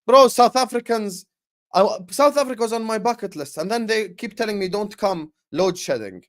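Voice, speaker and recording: A young man hosting a live football watchalong, chatting with viewers and calling the play with slangy, excitable banter. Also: high voice, moderate pace. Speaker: watchalong streamer.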